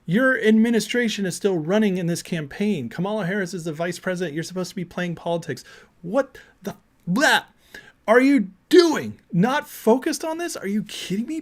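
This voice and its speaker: Brief: male commentary host, slightly high voice, emphatic and indignant rant. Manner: emphatic, indignant, repeats words. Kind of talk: ranting commentary.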